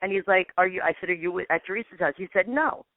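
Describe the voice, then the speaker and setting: A woman's voice: fairly low pitch, level tone, very fast, dry recording. A woman who is a paranormal investigator, telling a long story in a phone interview and acting out the dialogue. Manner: rambling, acts out dialogue with "I'm like". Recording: tinny dry phone line.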